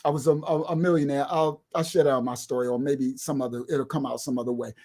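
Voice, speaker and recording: A middle-aged man telling a street story in an animated way, acting out other people's voices and swinging from loud outbursts to low murmurs. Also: fast. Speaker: guest telling his life story.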